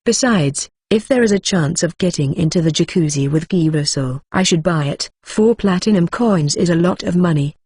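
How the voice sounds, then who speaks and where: Audiobook narrator, light novel; husky tone, all characters read in one plain voice. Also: mid-range voice, darkish tone, no echo, studio quality. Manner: reads narration and every character's lines in the same plain voice. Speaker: audiobook reader.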